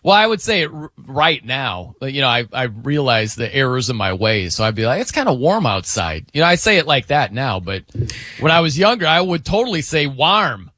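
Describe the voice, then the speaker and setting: A man's voice: medium pitch, sing-song, brisk, bright, forceful tone, no echo, studio quality. A man hosting a radio show, chatting casually with a co-host, laughing and mimicking how people pronounce words. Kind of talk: casual on-air banter.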